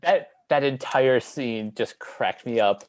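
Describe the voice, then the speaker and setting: A man's voice: medium pitch, slow, darkish tone. A man co-hosting a casual chat, often repeating words as he starts his sentences. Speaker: podcast co-host.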